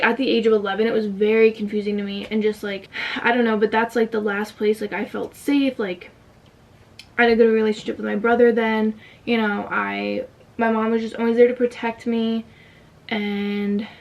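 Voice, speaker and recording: A woman's voice: on the high side, level tone, moderate pace, creaky, far from the mic, dull audio. A young woman telling a personal story in a casual vlog, emotional and fighting back tears, with many "like" fillers. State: tight throat from holding back tears. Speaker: vlogger.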